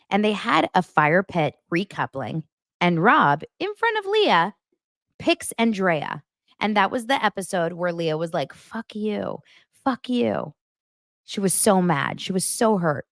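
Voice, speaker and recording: A gossipy young woman chats through a reality TV recap, her pitch jumping up and down as she gets worked up. She mimics people in mocking voices. The sound is close and dry, with no room around her. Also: no room sound. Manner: gossipy and animated, acting out quotes in mocking voices. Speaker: podcast host. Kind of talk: casual pop-culture recap chat.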